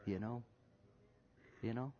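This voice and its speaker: A male pastor preaching a sermon in a conversational way, repeating himself and jumping from hushed asides to loud bursts. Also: mid-range voice, takes it slowly. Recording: dull lo-fi sermon recording.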